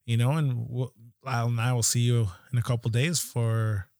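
A man's voice: medium pitch, fairly even intonation, normal speed, a little mellow, dry recording, clean studio sound. Laid-back man hosting a podcast. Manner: laid-back, swears casually. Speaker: podcast host. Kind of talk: casual chat.

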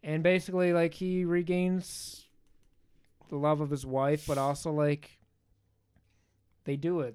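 A man's voice: medium pitch, darkish tone, smooth. A man hosting a podcast, casually recapping a movie in a loose, profane way with joking asides. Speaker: podcast host.

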